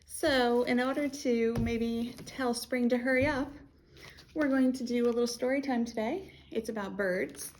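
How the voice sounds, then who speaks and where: A woman's voice: a little high, steady tone, a little slow, darkish tone, slight background noise. An American woman working as a children's librarian, reading a picture book aloud and acting out animal sounds in a playful way.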